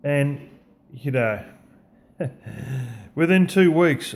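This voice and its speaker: Australian male vlogger, mid-pitched, slow, blunt and sweary, casual motivational rant. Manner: blunt, profane, conversational.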